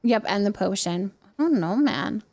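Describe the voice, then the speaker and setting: A woman's voice: medium pitch, animated, normal speed, a little mellow. Chatty, laughing woman streamer. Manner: chatty, laughs often, talks to viewers as you guys. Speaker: livestreamer and mother. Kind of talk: casual live-stream chat while playing a game.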